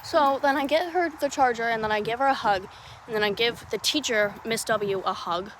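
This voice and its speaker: A young woman hosting her own podcast, telling a story casually, rambling and swearing, with many restarts, swinging between loud and hushed. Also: fairly high pitch, normal speed, a little hiss or hum. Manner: lively, jumping from loud to hushed. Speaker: podcast host.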